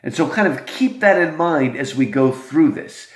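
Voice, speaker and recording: A man giving a literature lecture, slow and expressive, with dramatic emphasis. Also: fairly high pitch. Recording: roomy echo.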